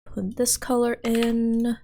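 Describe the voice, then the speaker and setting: Woman streamer, unhurried, giggly, talks to herself while working, lots of "um" and "like". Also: a little high, flat delivery, warm tone. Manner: thinking aloud while working, giggly, filler-heavy. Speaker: livestreamer. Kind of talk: casual livestream chat.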